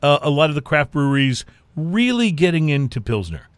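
Co-hosting a beer tasting show, a man with a fairly high, clear and resonant voice talks fairly quickly with big pitch swings. His casual chat rambles, self-deprecating and packed with fillers, recorded with no room sound.

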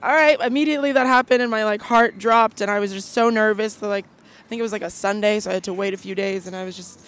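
A woman's voice: mid-range voice, steady tone, quick pace. Chatty young woman singer guest. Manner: chatty, full of fillers and restarts. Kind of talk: casual chat.

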